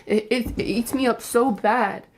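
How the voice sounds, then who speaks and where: A woman's voice: a little high, fairly even intonation, moderate pace. A young woman streamer venting to her chat, frustrated, swearing and rambling.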